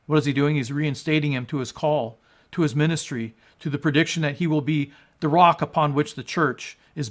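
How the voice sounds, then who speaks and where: Emphatic male pastor preaching. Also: fairly high pitch. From United States. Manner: emphatic, rising to loud peaks on quoted lines. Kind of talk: sermon with scripture reading.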